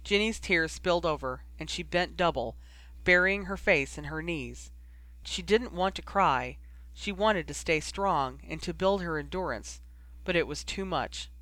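A man reading fan fiction aloud in a steady, even narration. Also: on the high side, a little slow, dry recording. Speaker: audiobook reader.

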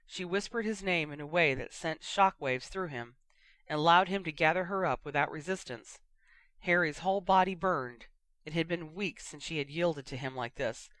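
Bright, dry audiobook narrator. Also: mid-range voice, normal speed, no room sound. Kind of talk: fan fiction audiobook narration.

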